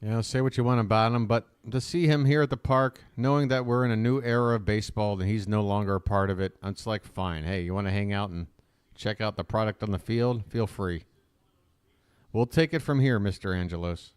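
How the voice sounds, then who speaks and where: A man calling live baseball play-by-play as a fan commentator, chatty and opinionated between pitches. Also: a little fast, smooth, no room sound, studio quality.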